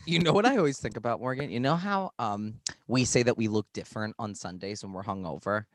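A man's voice: lowish voice, lively intonation, brisk, no echo, studio quality. A young man co-hosting a casual podcast, joking and rambling with lots of "like". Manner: joking, rambling with many likes. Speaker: podcast co-host.

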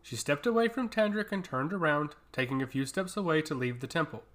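A man narrating a fantasy story with a steady, dramatic reading. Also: fairly high pitch, a little fast.

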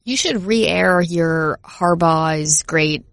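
A woman with a Minnesota accent talks football in a casual podcast chat. Her lowish voice has a gravelly fry, and the sound is dry and close. She is chatty and pokes fun at herself. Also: very slow, dry recording. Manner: chatty, self-mocking, animated asides. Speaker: podcast co-host.

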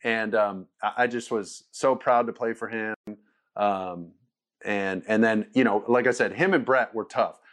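A man, a former quarterback, telling stories as a guest in a relaxed, laughing way. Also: on the low side, measured pace. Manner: loose and laughing, quotes people in lively voices. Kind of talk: casual storytelling interview.

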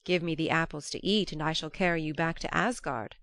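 A woman's voice: low-pitched, a little fast, a bit bright, dry recording, studio quality. A woman reading aloud, voicing a greedy, demanding male giant.

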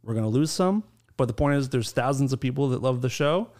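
A man hosts a relaxed podcast and keeps up a steady stream of dry, sarcastic jokes. His pitch sits in an ordinary middle range, and his talk is loose, chatty banter. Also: a little fast. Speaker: podcast host. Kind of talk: casual podcast chat.

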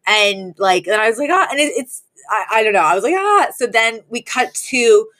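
A woman co-hosting a podcast, casually recapping a sitcom episode and acting out the characters' lines with lively shifts of voice. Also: medium pitch, fairly quick. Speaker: podcast co-host.

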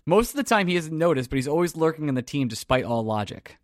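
A man's voice: a little high, big pitch swings, quick pace, no echo. Long Island man on a dry mic. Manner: laughing, self-deprecating, reads listener questions. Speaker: podcast co-host. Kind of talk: casual sports chat.

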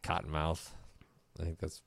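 A man's voice: a bass voice, monotone, normal speed, vocal fry, no echo. A man co-hosting a podcast, laid back and dry, reading listener comments in casual chat. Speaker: podcast co-host.

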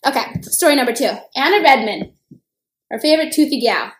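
A young woman co-hosting a casual gossip podcast, animated and swearing freely, acting out quotes. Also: brisk, reverberant. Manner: animated, acts out quotes with bursts of higher pitch. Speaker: podcast co-host.

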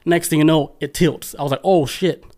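A man's voice: on the high side, little pitch movement, quick pace, warm tone. A man co-hosting a podcast, telling a story in loose, profane casual chat and reading out listener comments. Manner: loose, profane storytelling with many "I was like" quotes; reads listener comments aloud. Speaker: podcast co-host.

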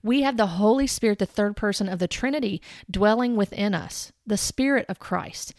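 A woman's voice: medium pitch, normal speed, dry recording, clean studio sound. A woman giving an earnest, corrective Bible commentary, citing chapter and verse and speaking straight to her viewers. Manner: addresses viewers directly. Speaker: Christian commentator.

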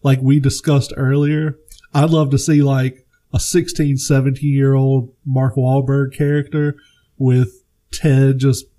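A man co-hosting a laid-back podcast, talking in a mellow, dark tone. He tells stories with a lot of energy, swears freely, and jumps into quick impressions of movie characters. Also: mid-range voice. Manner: animated storyteller, swears freely, acts out movie quotes. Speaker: podcast co-host. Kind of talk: casual chat.

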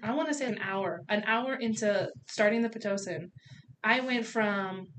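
A woman guest on a casual podcast, telling a story in an animated way, swearing freely and acting out the people in it. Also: medium pitch, moderate pace, slight background noise.

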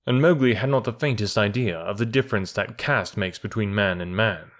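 A man reading a classic storybook aloud in a calm, measured way. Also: on the low side. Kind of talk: storybook narration.

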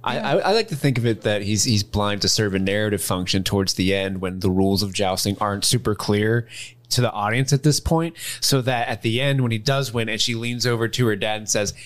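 A man's voice: on the low side, a little fast. A man co-hosting a casual movie podcast, wry and hesitant, often restarting his sentences. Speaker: podcast co-host. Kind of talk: casual chat.

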